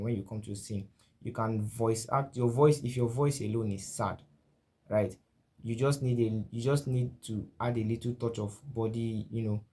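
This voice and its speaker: Mellow-voiced Nigerian man teaching acting. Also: medium pitch. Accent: Nigerian English. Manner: repeats and restarts, often asks "right?". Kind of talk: spoken lecture to camera.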